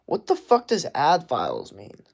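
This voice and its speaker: A man's voice: on the high side, wildly swooping pitch, measured pace, creaky. A young man from the United States reading chat on a live stream, talking casually with an exasperated, rambling manner.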